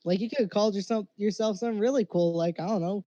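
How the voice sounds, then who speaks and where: Giggly woman gamer, soft dark voice, muffled dry mic. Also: medium pitch, quick pace, no echo. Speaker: tabletop game player. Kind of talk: casual role-play.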